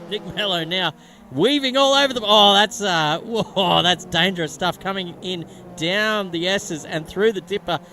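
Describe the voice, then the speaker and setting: A man with an Australian accent co-commentating a sim race, chatty and laughing, with sudden excited yelps. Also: high voice, noisy background.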